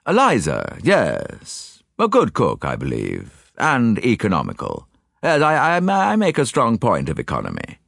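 A man's voice: fairly low pitch, wildly swooping pitch, unhurried, creaky, fairly bright tone, dry recording, clean studio sound, full character voice. A man doing a vague, melancholy husband. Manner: vague, hesitant, dismissive. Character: vague, melancholy, lantern-jawed man in his forties.

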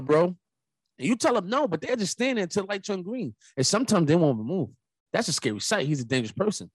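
A young adult man hosting a casual solo podcast, telling rambling, animated stories with emphatic asides. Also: fairly high pitch, no echo. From New York. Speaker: podcast host.

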